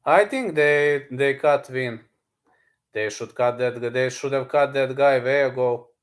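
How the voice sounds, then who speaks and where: A man's voice: mid-range voice, unhurried. A man streaming live, chatting casually with viewers and repeating blunt fight advice. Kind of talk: casual livestream chat.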